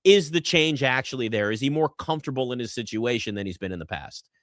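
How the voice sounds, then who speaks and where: A man hosting a sports talk show, talking through the day's action in an animated, conversational way. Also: mid-range voice, fast, dry recording, studio quality. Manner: animated, conversational, addresses chat and co-worker. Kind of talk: solo sports talk commentary.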